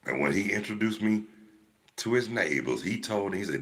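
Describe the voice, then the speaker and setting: A man's voice: lowish voice, animated, normal speed, fairly bright tone. An older man, chatting to a live audience in a laid-back, rambling storytelling way. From Georgia, US. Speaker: livestream host. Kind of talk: casual storytelling to live chat.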